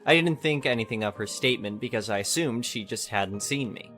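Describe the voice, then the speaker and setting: A man's voice: medium pitch, expressive, brisk, a bit bright, faint music behind. A man narrating an online story in a casual, wry, conversational reading.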